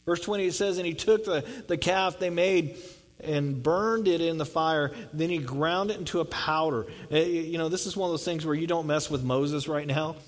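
A man's voice: on the high side, moderate pace, rough recording. A man preaching a sermon, reading scripture and explaining it in a conversational way, often repeating words for emphasis. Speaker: pastor.

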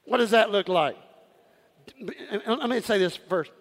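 A man preaching a sermon as pastor, calling out to the congregation and swinging from loud to hushed. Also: sits high, a little slow, pauses often, in a large hall.

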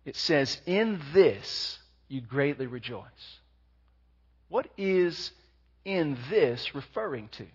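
Guy preaching a sermon, bit high voice, dull lo-fi sound, reads verses slow then gets fired up. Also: big pitch swings, slightly rough. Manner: reads scripture slowly, then preaches with rising energy. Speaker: pastor.

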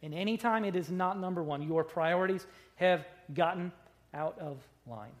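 A man preaching a sermon, conversational with rhetorical questions, swinging between loud stressed words and quiet asides. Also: high voice, normal speed. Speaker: pastor.

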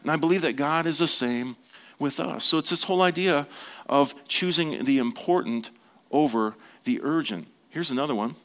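Preacher guy, kinda high voice, chatty storytelling sermon, jokey asides. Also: normal speed. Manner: relaxed, storytelling, playful asides. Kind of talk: conversational sermon.

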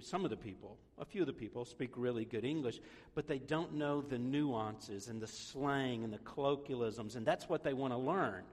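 A man's voice: mid-range voice, long reverb tail. A man preaching a sermon as pastor, conversational and self-deprecating, joking with the congregation.

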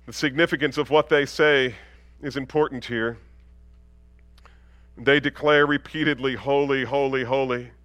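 A man preaching a sermon, swinging from loud proclamation down to a hushed near-whisper. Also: medium pitch, no room sound. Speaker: pastor.

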